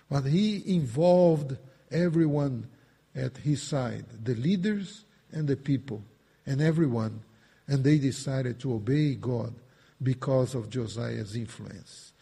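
Slow, mellow-voiced man preaching in a hall. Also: medium pitch, gravelly, breathy edge. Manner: emphatic, repetitive preaching with rising bursts. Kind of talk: sermon. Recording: reverberant hall.

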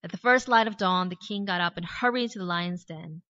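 An Australian woman preaching a sermon, retelling a Bible story with lively storytelling and casual asides. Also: lowish voice, fairly quick, no room sound. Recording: dry, slightly dull recording.

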